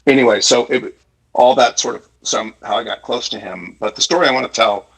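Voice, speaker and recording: A man's voice: mid-range voice, brisk, creaky, a bit bright, breathy edge, poor audio. A man, a former tech executive, talking casually about his career as a panel guest, with frequent fillers. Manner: conversational, with many fillers.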